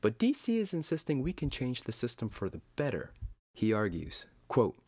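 Emphatic, sarcastic male commentator, lively delivery, dry recording. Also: mid-range voice, normal speed, no echo. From United States. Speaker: Christian commentator. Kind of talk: scripted commentary.

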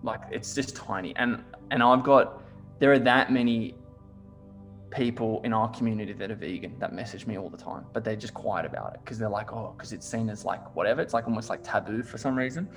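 A man's voice: on the low side, brisk, soft background music. Swearing man, casual chat. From Australia. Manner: swears a lot, heavy use of "like", animated storytelling.

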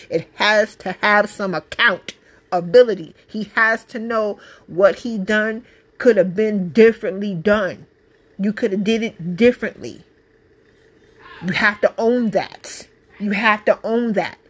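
A woman's voice: mid-range voice, a little slow. A woman, a mother, giving her opinion in a casual monologue, emphatic and blunt, repeating her points with passion. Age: adult parent.

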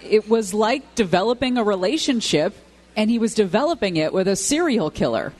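A radio co-host broadcasting live from a restaurant, telling a news story in a brisk, narrative way. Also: medium pitch, animated, a little mellow.

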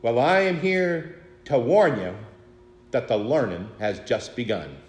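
A man's voice: medium pitch, sing-song, a little slow, reverberant. A man playing a stern old seminary president. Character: stern older male seminary president warning graduates.

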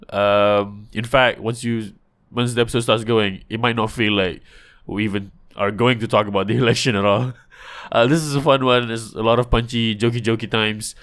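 A man with a fairly low voice opens a podcast episode in a loose, chatty way. He runs through announcements with plenty of ums and a cheerful push. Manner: chatty, upbeat plugs with fillers. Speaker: podcast host. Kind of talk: casual podcast intro.

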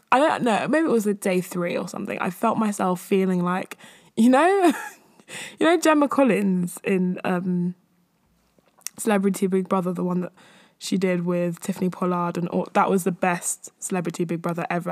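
Chatty young woman, breathless. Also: on the low side. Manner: rambling and chatty, with frequent fillers and laughs. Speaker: podcast host. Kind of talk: casual solo chat.

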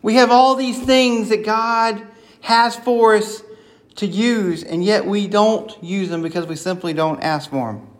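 A man's voice: high voice, steady tone, measured pace. A man preaching a sermon on prayer in an earnest, conversational way, acting out sample prayers as he goes.

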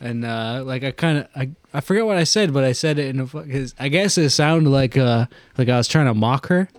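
A man's voice: mid-range voice, animated, brisk, no room sound. A young man telling a rambling story in casual chat, swearing a lot and filling gaps with "uh" and "like". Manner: rambling storyteller, heavy swearing, many fillers. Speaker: podcast co-host.

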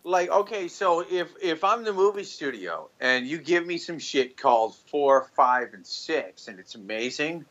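A man's voice: a little high, expressive, unhurried, few pauses, fairly bright tone, lo-fi sound. A man co-hosting a podcast in loose, profane, joking chat while drinking. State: tipsy, drinking. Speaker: podcast co-host.

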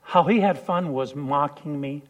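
A man preaching a sermon, telling a personal story and swinging from hushed lines to loud shouts. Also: fairly high pitch, a little slow, dull audio.

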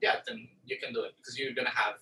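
A man's voice: mid-range voice, fairly even intonation, fast, bright, forceful tone. A man co-hosting a casual chat, rambling and joking, often trailing off mid-sentence. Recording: roomy echo, distant mic, faint noise.

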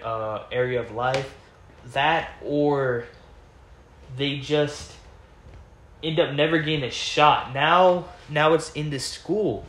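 A young man talks through celebrity headlines at an unhurried, dragging pace. His voice sounds worn and slightly hoarse. He rambles, stumbles over words and often circles back to rephrase himself. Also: mid-range voice, fairly bright tone. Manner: rambling, stammering, self-correcting. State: voice going hoarse. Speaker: host reading celebrity news. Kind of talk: casual news commentary.

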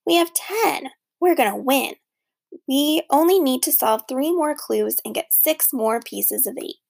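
A woman's voice: high voice, animated, unhurried, vocal fry, full character voice. A woman voicing a whiny, playful little boy in a storybook. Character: whiny, jokey little boy who loves pirates.

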